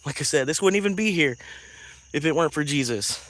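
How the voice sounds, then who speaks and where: A man's voice: fairly high pitch, animated, brisk, a bit bright, poor audio. A man chatting casually on a livestream, rambling, swearing and laughing often, outdoors at night.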